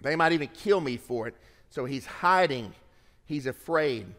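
A man preaching a sermon as pastor, reading scripture aloud with lively shifts of pace and emphasis. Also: fairly high pitch, a little slow, in a large hall.

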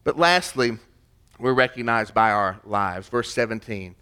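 A man preaching a sermon, emphatic, swinging between loud declarations and hushed, quiet stretches. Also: on the low side, unhurried, clear, resonant tone. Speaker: pastor.

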